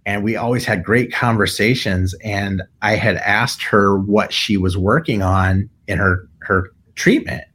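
Man, middle-aged, low-pitched, chatty, storytelling, acts out dialogue. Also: a little slow, few pauses, slightly rough. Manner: animated storyteller, acts out quoted voices. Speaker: guest, tattoo artist. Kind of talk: storytelling in casual conversation.

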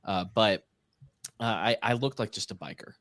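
A low-pitched man tells a lively anecdote on a podcast, jumping into the voices of the people in the story. The sound is dry and close, with no room around it. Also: normal speed, no echo. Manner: animated anecdote-telling with acted-out quotes. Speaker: podcast co-host. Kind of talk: casual storytelling chat.

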